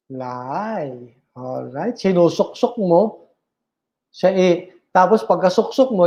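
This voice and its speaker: A man's voice: sits high, dark tone. A man with a Filipino accent giving a philosophy lecture, mixing English and Tagalog, asking the class questions, answering them himself and repeating key points.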